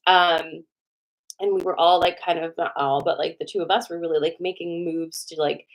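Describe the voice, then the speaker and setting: Woman, lowish voice, casual vlog story, animated, curses a lot, filler-heavy. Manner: animated, swearing, many "like" fillers. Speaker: host.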